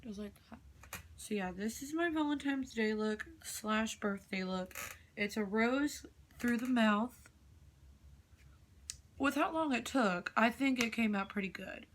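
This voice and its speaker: A woman's voice: on the high side, a little slow, long pauses, a little hiss or hum. A young woman vlogger telling spooky stories while she does her makeup, talking in a casual, blunt way and swearing now and then.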